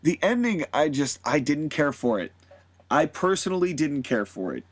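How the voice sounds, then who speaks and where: Rambling, animated man hosting a podcast. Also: on the high side, normal speed. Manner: rambling, animated, laughs often, lots of fillers. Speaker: podcast host. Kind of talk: casual solo commentary.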